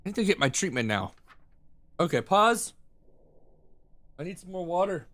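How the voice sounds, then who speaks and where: A man's voice: high voice, very animated, normal speed, a bit bright. A man streaming a game, rambling and correcting himself as he comments casually. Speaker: gaming streamer.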